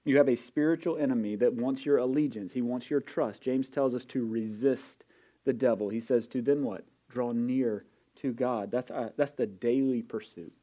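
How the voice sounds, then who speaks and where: A man's voice: mid-range voice, moderate pace, warm tone, highs cut off. A man preaching a sermon in an earnest way, repeating key phrases and building intensity as he goes. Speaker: pastor.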